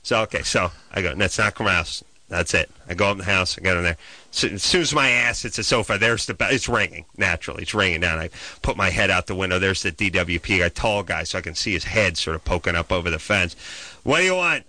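A man telling a comic story as a profane, exasperated rant that swings into loud shouted bits. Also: low voice, fast, dry recording.

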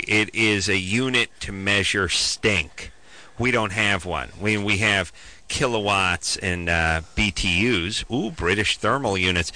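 A man hosting a comedic call-in radio show, rambling through stories and wisecracks. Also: fairly low pitch. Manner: wisecracking, rambling storyteller with animated voices.

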